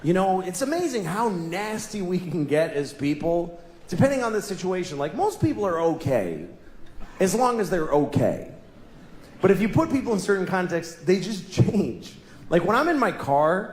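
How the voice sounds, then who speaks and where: A male stand-up comedian rants in an exasperated, self-mocking way, now and then bursting into a yell. His voice sits high and leaps all over the place. The sound bounces around an echoey room with heavy ambient noise underneath. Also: big pitch swings, moderate pace. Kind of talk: stand-up routine.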